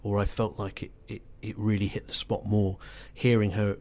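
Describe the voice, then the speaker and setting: A man on a podcast panel talking over a novel, halting and restarting often as he thinks aloud. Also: on the low side, level tone, dark tone. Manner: halting, with many restarts and fillers. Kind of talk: casual book club discussion.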